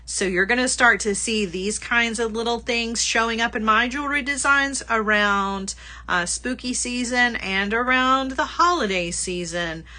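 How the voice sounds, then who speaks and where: A woman's voice: fairly high pitch, measured pace, bright, forceful tone. A woman hosting a casual livestream product showcase, chatty and bubbly, laughing often and gushing over small items. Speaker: host.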